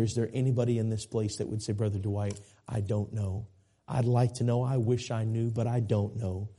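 A man preaching a sermon in church, telling a story slowly and with emphasis before a fervent altar call. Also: medium pitch, mellow. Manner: slow, emphatic storytelling, rising to fervent appeals. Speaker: pastor. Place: church sanctuary.

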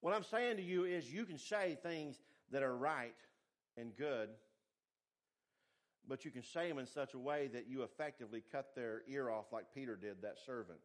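A male pastor, preaching a sermon with animated swings between loud emphasis and quiet asides. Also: normal speed. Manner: animated preaching, pitch and volume rising and falling widely.

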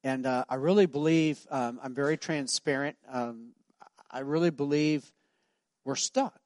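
A man's voice: medium pitch, unhurried, darkish tone, no echo. A middle-aged man preaching a sermon as pastor, telling stories in a conversational way and acting out the voices of the people in them. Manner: conversational storytelling, acts out voices. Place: church sanctuary.

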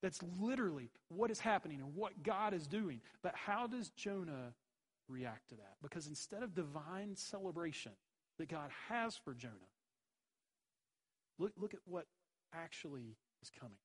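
Male pastor, sermon, emphatic, rhetorical questions, husky higher voice. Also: lively intonation, moderate pace, rough recording.

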